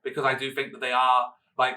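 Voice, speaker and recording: A man co-hosting a casual chat show, talking in a bright, forward voice. He acts out quotes in squeaky, high put-on voices, and he sounds a little distant from the mic. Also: completely flat delivery, brisk. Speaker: co-host.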